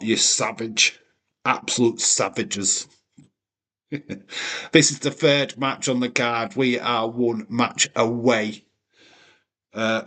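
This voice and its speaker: A man's voice: lowish voice, fairly bright tone. A man hosting a live watch-along stream, swearing freely and teasing his chat with mock offence. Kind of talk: casual live-stream commentary.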